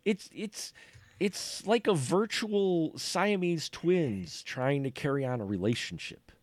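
A man's voice: fairly high pitch, lively intonation, measured pace, dry recording. A man co-hosting a podcast in casual film review chat, rambling and often restarting and repeating his words. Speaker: podcast co-host.

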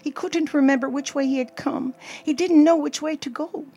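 An older woman gently reading a children's storybook aloud as the show's storyteller. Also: high voice. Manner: slow, expressive, gentle reading. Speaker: storyteller host.

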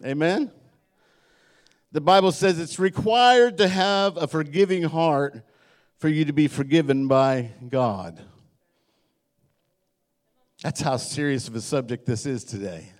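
Middle-aged pastor preaching with humor. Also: male voice, fairly high pitch, slow, long pauses. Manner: joking, storytelling, acts out quoted voices. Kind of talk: sermon. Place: church.

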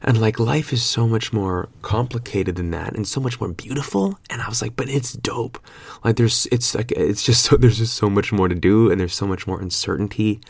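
Low gravelly young man rambling casually. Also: fairly quick, few pauses, no echo. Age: 20s. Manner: laid-back, slangy and profane, rambling with fillers. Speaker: vlogger. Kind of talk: casual vlog monologue.

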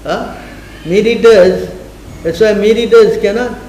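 A man's voice: high-pitched, unhurried, darkish tone. A man giving a scripture class lecture, prodding his listeners with repeated questions. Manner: questioning, repeatedly asks the audience to answer. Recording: echoey room, faint noise.

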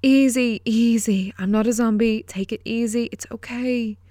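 A woman's voice: medium pitch, moderate pace, warm tone, no echo, studio quality, close to an everyday voice. A woman voicing a brave, kind young woman of about twenty, speaking in a sweet, musical, soothing tone. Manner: soothing, crooning.

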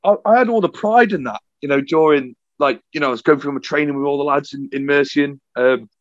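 Young man, podcast guest, animated sweary storyteller, dry and dull sound. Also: fairly high pitch, brisk, no room sound. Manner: swears a lot, tells stories animatedly. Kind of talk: casual storytelling chat.

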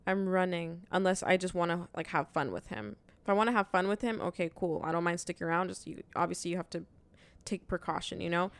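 A young woman with a lowish, smooth voice talks about dating with her co-host, blunt and sarcastic and quick to swear. The sound is dry and close, with no room in it. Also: no echo. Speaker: podcast co-host. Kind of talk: casual dating chat.

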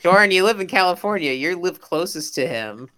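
A young man co-hosting a casual podcast, talking in a halting, self-interrupting way. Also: sits high, expressive, pushed and bright. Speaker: podcast co-host. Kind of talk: casual chat.

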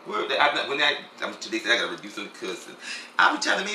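A man's voice: mid-range voice, very animated, fast, sharp tone, roomy sound, a little hiss or hum, rough recording. A man delivering a sassy, campy comic gossip monologue, laughing often and calling everyone honey and girl.

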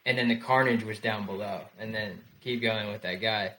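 A man's voice: on the low side, fairly even intonation, moderate pace, a bit bright, low-quality recording. Blunt, swearing man in casual chat.

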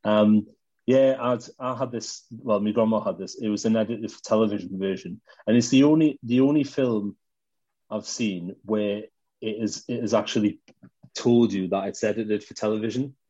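A man co-hosting a casual podcast, telling stories in a rambling, relaxed way. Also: fairly low pitch, normal speed, husky, no room sound. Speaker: podcast co-host. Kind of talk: casual chat. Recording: dull lo-fi dry mic.

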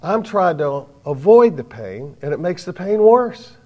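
A middle-aged man preaching a sermon to a live audience, telling stories with self-mocking humor and swinging from quiet asides to loud bursts. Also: high-pitched, big pitch swings, unhurried, lo-fi sound.

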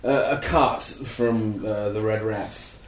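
A man's voice: lowish voice, fairly even intonation, takes it slowly, reverberant, slight background noise. A man playing in a casual tabletop role-play session, hesitant and stumbling over his words. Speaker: player.

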